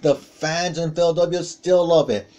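A man doing play-by-play commentary on a wrestling match, calling out moves with excited exclamations. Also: fairly high pitch, moderate pace, dull audio.

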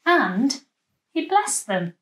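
A woman leading a children's church session, telling a Bible story with lively voices and asking the children at home to join in. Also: high-pitched, drawn-out words. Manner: animated, acting out the story with voices and gestures.

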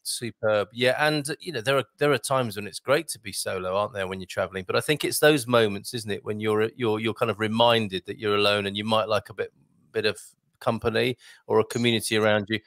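A man's voice: on the low side, steady tone, a little fast, fairly bright tone, dry recording. A man hosting a casual livestream, chatting playfully and reading out viewer comments. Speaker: host.

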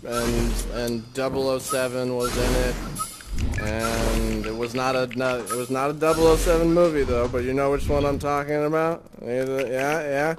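A hungover man chatting casually with friends in a rambling, drawn-out way, full of sighs and oh's. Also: medium pitch. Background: music.

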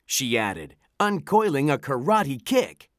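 A narrator reading a children's storybook aloud in an animated, expressive way. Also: mid-range voice, slow pace, dry recording, studio quality.

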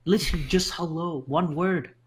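A man chatting on a casual gaming podcast. his voice sits a bit higher than most men's, and he tells his stories in an excitable, halting way, restarting and repeating himself as he goes. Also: husky. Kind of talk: casual chat.

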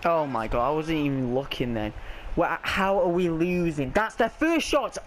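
A man's voice: fairly high pitch, animated, moderate pace, a little hiss or hum. A young man giving live commentary on his own football video game match, ranting and swearing in frustration. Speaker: gaming video creator.

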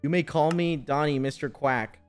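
A man's synthetic voice for a polite, calm talking rabbit in a game, speaking low, soft and measured. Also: smooth, soft background music.

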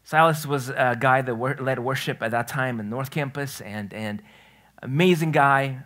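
Guy preaching in church, mid pitch, chatty story-telling sermon, keeps restarting sentences. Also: moderate pace, a bit bright. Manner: storytelling, chatty, self-correcting, laughs at his own story. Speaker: pastor. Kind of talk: conversational sermon. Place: church sanctuary.

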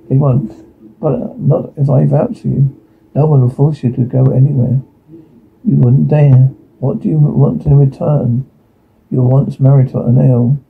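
A man reading aloud a TV episode's audio description and dialogue in a flat way, often stumbling and repeating words. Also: mid-range voice, vocal fry, slightly rough. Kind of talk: reading aloud a transcript with sound cues. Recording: tinny phone-like sound.

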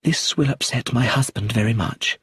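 A husky-voiced man reading an audiobook, voicing a composed middle-aged woman who speaks quietly and with restraint. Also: medium pitch, normal speed, no room sound, clean studio sound. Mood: calm.

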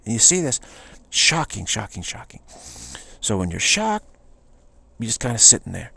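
A man's voice: medium pitch, wildly swooping pitch, brisk, gravelly, sharp tone, breathy edge. A man giving an informal spiritual talk in a rambling, repetitive way, often slipping into quoted voices. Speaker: spiritual teacher.

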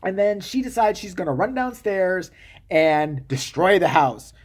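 A man's voice: sits high, a little slow, breathy edge. A man giving a comedic, sarcastic movie-review rant, swearing freely and acting out the characters' lines.

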